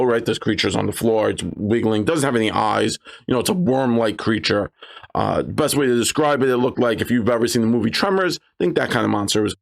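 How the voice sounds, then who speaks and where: A man talking casually about running tabletop games, telling stories animatedly and jumping into high voices to quote his players. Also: vocal fry. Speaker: game master giving advice. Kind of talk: casual advice talk with anecdotes.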